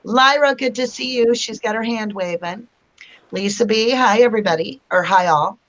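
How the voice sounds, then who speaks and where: A woman with a fairly high voice hosts a casual live-stream chat from home, speaking at a moderate pace. She chats loosely, reading viewers' comments aloud and greeting them by name. The sound is lo-fi.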